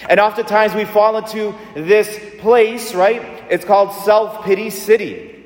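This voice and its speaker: High-voiced preacher in an echoey church. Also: male voice, steady tone, a little slow. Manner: call-and-response preaching, repetitive and emphatic. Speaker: pastor. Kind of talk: sermon. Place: large church.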